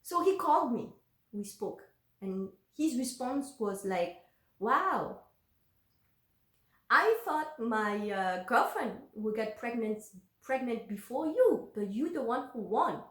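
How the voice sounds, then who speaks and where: Woman vlogging about her life, emotional and candid, lots of restarts, bit high voice. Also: very animated, slow pace, a bit bright, echoey room. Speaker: vlogger telling a personal story. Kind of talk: casual personal storytelling.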